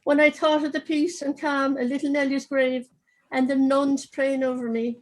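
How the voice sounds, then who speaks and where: A woman's voice: high-pitched, little pitch movement, moderate pace, pitched above the performer's own voice, lightly acted, poor audio. A woman with a Cork accent reading aloud from her novel as a dead man who narrates wryly from his urn, over a video call. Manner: wry, chatty storytelling.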